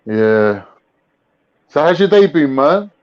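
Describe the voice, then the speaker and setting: A man's voice: on the high side, big pitch swings, slow pace. Young man, London accent, slangy mocking banter, raised voice, dull lo-fi stream audio. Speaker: livestream host. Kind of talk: casual livestream chat. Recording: lo-fi livestream audio.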